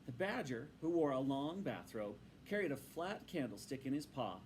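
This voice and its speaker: A man reading a storybook aloud to his students in a patient, instructive and expressive way. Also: mid-range voice, moderate pace, a little hiss or hum, rough recording.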